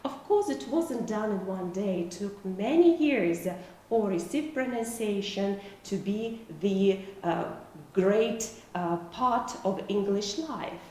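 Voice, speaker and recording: Woman lecturer, Russian native speaker, slow and halting, lively rising and falling pitch, voice far from the mic in a very echoey room with faint noise. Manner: slow, careful explaining with frequent hesitations. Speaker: university lecturer. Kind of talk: video lecture.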